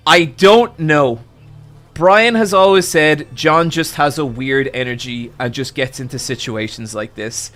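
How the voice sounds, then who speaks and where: A man with a fairly high, bright voice recounts a chaotic story to his stream chat. He is profane and exasperated. He builds to loud outbursts as the tale goes on. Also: slow pace, faint music behind. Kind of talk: animated storytelling to a live chat.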